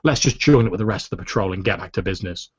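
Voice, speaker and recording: A man's voice: low-pitched, racing, husky, dry recording, muffled recording. A man voicing two bored male soldier guards chatting offhandedly. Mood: curt. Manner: casual, offhand.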